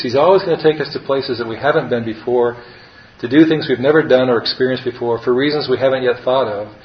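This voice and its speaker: A man's voice: mid-range voice, reverberant, muffled recording, a little hiss or hum. A man preaching a conversational sermon, telling a story with chuckles and fillers.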